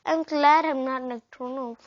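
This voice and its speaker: A woman's voice: sits high, steady tone, unhurried, no room sound. A woman reading aloud, voicing a whiny, prissy young schoolgirl in a storybook. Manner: whiny, pouting. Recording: dull lo-fi recording.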